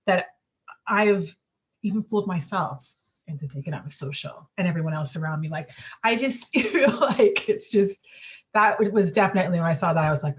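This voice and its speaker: A woman's voice: mid-range voice, expressive, normal speed, husky, dull audio. A woman talking animatedly in a casual group video call, restarting often and sounding exasperated.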